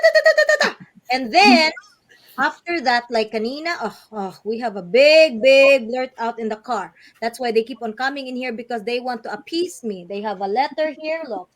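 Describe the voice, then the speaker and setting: A middle-aged woman, a coach being interviewed live, talking in an animated way and switching between English and Tagalog. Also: sits high. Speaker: guest coach. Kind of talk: live online interview chat.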